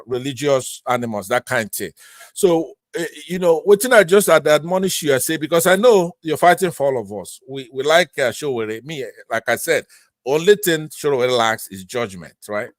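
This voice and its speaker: A man's voice: mid-range voice, dry recording. A man with a Nigerian Pidgin accent, speaking as a panelist in a political debate, rambling and mixing Pidgin with English.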